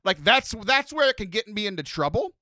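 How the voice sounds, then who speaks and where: A man from Texas hosting a podcast, telling stories in an animated, rambling way. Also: high voice, a little fast, no room sound. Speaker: podcast host. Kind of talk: casual podcast chat.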